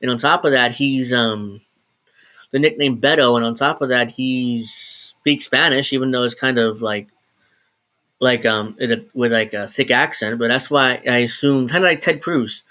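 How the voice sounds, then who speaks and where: A man's voice: mid-range voice, moderate pace, pushed and bright. A man talking off the cuff on a solo live stream at home, rambling, restarting sentences and swearing now and then. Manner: rambling, self-interrupting, swears and laughs. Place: home, in New Jersey.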